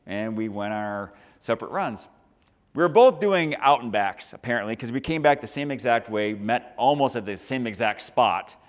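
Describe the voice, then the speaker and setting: A man giving a lively, upbeat motivational talk to a high school audience and asking the crowd questions. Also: normal speed. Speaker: motivational speaker. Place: large school hall. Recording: long reverb from a large hall.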